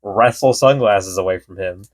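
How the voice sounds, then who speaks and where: Rambling, low-voiced male podcast co-host. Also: normal speed. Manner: rambling storyteller, quotes people in bits. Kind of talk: casual chat.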